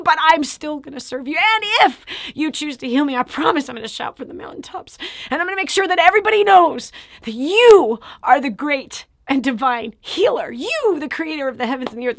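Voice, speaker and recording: A woman giving an emotional preaching testimony, swinging from loud exclamations to hushed whispers. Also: sits high, dry recording, clean studio sound. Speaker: Christian speaker giving a healing testimony.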